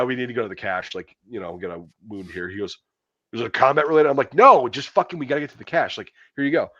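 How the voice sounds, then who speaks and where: A man's voice: medium pitch, dry recording. Crude, blunt man telling army stories. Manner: profane, blunt storytelling. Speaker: podcast host. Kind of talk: casual chat. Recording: dull, lo-fi dry recording.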